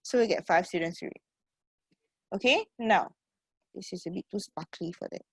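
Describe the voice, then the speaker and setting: Here the teacher's voice is lowish and husky, at normal speed, as she runs an online English lesson with a Singaporean accent via her computer mic. The audio is close and dry, no room echo. She keeps calling students sweetheart and checking in with "okay" and "right?".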